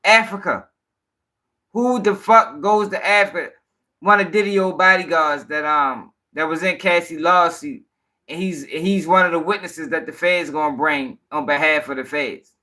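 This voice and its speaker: A man's voice: a little high, moderate pace, pushed and bright. A man hosting a live-stream news show, ranting in casual, profane, rambling talk and sounding tired.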